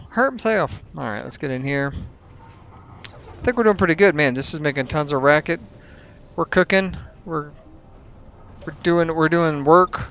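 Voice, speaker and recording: A man's voice: a little high, gravelly, a bit bright, smooth. A man hosting a let's play, giving casual commentary over his gameplay. He is chatty, thinks aloud and makes self-mocking asides.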